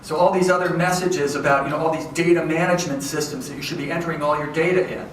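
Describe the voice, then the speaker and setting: An education professor addresses a crowd of educators in a big hall, his lecture lively and conversational, constantly checking in with "okay?" and "right?". His voice sits on the high side and moves quickly. The echoey recording was captured from a distance, with faint noise.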